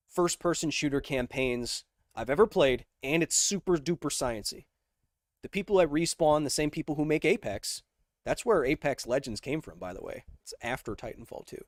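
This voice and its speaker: A man hosting a casual science livestream, reading viewer questions aloud and answering them with jokes, slowing down for dramatic emphasis. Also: a little high, dry recording, clean studio sound. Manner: energetic, joking, shifts between slow dramatic emphasis and quick asides.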